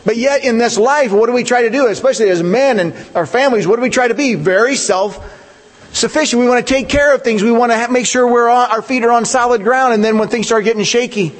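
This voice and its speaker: High-voiced male pastor in a reverberant hall. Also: brisk. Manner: conversational, rhetorical questions, animated emphasis. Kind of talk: sermon.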